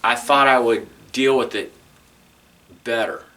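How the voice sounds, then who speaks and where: A man's voice: medium pitch, a little slow, sharp tone, distant mic. A man with a Texan accent, recounting his experiences in an oral history interview, telling it conversationally and acting out what people said. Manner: conversational storytelling with restarts, acting out quoted dialogue.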